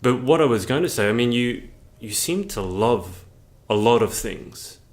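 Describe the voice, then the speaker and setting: A man hosting an interview, chatty and relaxed, often repeating words as he shapes his questions. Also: medium pitch, normal speed. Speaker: podcast host, interviewer. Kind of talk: casual interview chat.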